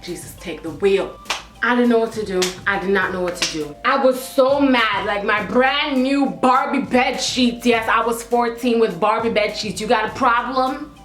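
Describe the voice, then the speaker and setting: A young woman, telling a dramatic storytime, sassy and animated. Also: fairly high pitch, normal speed, few pauses. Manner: sassy, dramatic, acts out quotes. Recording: roomy echo with faint music.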